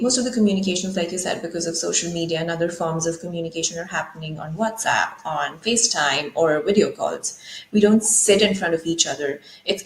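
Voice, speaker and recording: A woman guest on a talk show, explaining ideas thoughtfully and posing rhetorical questions. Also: lowish voice. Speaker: guest speaker. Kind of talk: conversational explanation. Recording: roomy echo.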